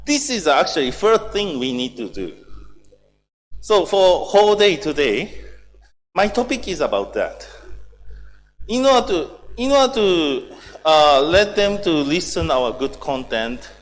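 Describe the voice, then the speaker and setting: Japanese-accented man, lively high voice. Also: big-room sound. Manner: halting broken English, laughs often while telling stories. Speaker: workshop lecturer. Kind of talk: humorous training lecture. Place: large training hall.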